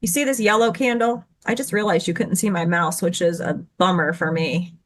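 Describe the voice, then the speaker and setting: A woman teaching chart patterns as a guest. She explains in a hurry and stops now and then to correct herself. She speaks over a video call. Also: fairly low pitch. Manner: rushed, tumbling explanations with self-corrections. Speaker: guest trading educator.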